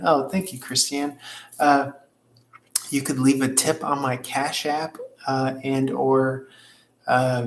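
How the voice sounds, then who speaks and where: A man's voice: medium pitch, a bit bright. A man hosting a tarot livestream, chatting casually and rambling, with frequent swearing as he reads out viewers' comments. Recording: roomy echo with faint ambience.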